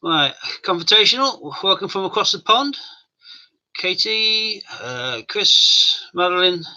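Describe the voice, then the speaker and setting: A man's voice: high voice, animated, slow, pushed and bright. A man hosting a live stream from home, chatting jokily with viewers and his dog. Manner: chatty, jokey, talks to his dog and chat. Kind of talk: casual chat with live chat viewers. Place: home room. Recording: dull lo-fi stream audio.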